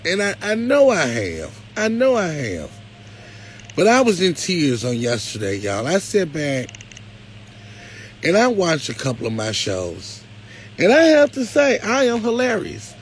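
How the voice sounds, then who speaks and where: Animated man pleading with his viewers. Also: high-pitched, unhurried, a little hiss or hum. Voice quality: animated, swings from pleading to loud complaint. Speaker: live show host. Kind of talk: casual live-stream chat.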